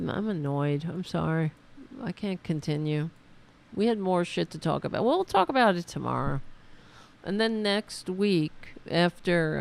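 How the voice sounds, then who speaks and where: Slow, gravelly-voiced woman host. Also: sits low. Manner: profane, rambling, talks to her audience directly. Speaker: host of a political talk livestream. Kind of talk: casual livestream chat.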